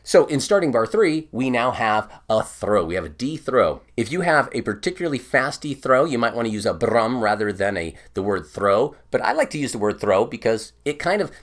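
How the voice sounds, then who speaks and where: A man's voice: mid-range voice, sing-song, normal speed, hardly any pauses. A man giving an online bagpipe lesson, patiently explaining each step and singing counts aloud. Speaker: bagpipe teacher.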